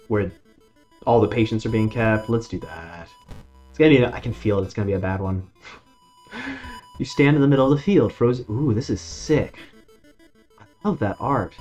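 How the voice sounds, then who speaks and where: A man streaming a horror board-style game, reading its text aloud and reacting with casual jokes and swearing. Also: lowish voice. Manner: animated, swears casually, jokes at his own bad luck. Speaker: gaming streamer. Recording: dull lo-fi sound with faint music behind.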